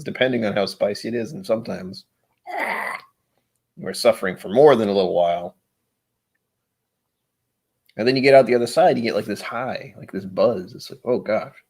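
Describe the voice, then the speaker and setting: Low-voiced man chatting casually on a stream. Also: gravelly. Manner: rambling, joking and self-deprecating. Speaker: livestream host. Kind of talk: casual livestream chat over whiskey.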